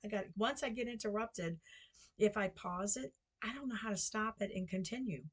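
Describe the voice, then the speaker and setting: A woman's voice: medium pitch, moderate pace, slightly rough. An older American woman chatting casually at home, meandering and correcting herself with lots of fillers. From United States. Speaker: vlogger and guesthouse host. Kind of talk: rambling casual monologue.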